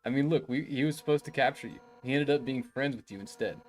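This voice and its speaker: A man's voice: mid-range voice, fast, lightly acted. A man reading aloud the lines of a brash female fish warrior who leads a royal guard, in his own everyday voice during a live game stream. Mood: boastful, casual.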